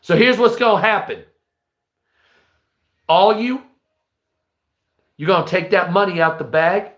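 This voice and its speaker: A man's voice: high-pitched, measured pace, fairly bright tone. A man voicing a foul-mouthed, bragging street thug who trash-talks and threatens the listener. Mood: menacing swagger. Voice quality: crude, menacing, trash-talking. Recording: roomy echo.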